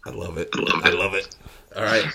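A man hosts a relaxed podcast chat with a fairly low voice. He is upbeat, laughs easily and moves the talk along. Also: normal speed, vocal fry, husky. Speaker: podcast host. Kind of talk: casual chat.

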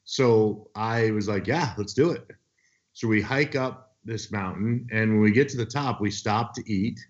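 A man's voice: fairly low pitch, a little slow. A man co-hosting a casual chat, telling rambling stories and swearing freely. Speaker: podcast co-host. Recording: dull lo-fi sound.

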